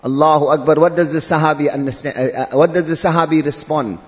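High-pitched guy preaching, stretches and repeats words, dull muffled sound. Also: fairly even intonation, quick pace. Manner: repeats and drawls Arabic terms, rising emphatically. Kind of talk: sermon. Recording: dull audio in a long-reverb hall.

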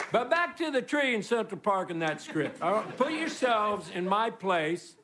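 A man from Texas delivers a rambling, deadpan stand-up monologue, mocking himself as he goes. His voice sits high and his delivery is slow and drawn out. Loud studio audience laughter and noise fill the room behind him. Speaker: comedy show guest host. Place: stage before a live studio audience.

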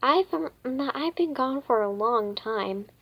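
A woman reading aloud and voicing a bold, impulsive young girl, with halting restarts. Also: fairly high pitch, expressive, a bit bright, no room sound, exaggerated voice.

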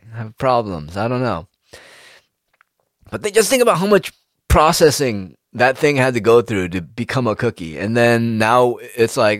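A young man talking casually and rambling, with plenty of swearing. His voice sits at a middle pitch but jumps up sharply when he gets worked up. The sound is close and dry. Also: no room sound. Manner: animated, profane, rambling with sudden pitch jumps. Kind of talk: casual monologue.

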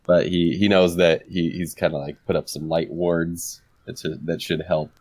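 A man casually describing his character's actions as a player, relaxed and quick to laugh. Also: deep voice, no room sound. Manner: relaxed, laughs easily, hedging. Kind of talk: casual tabletop play.

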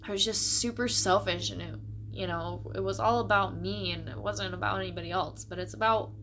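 A young adult woman in a personal, reflective monologue, speaking in a halting, emotional way and close to tears. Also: mid-range voice, steady tone, fairly bright tone, slight background noise. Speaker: vlogger.

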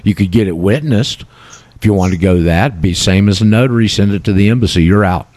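A man's voice: fairly low pitch, darkish tone, no echo. A man hosting a call-in radio show, talking in a folksy, repetitive way. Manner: folksy, repeats himself, quick asides. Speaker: radio talk show host. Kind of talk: casual call-in radio chat.

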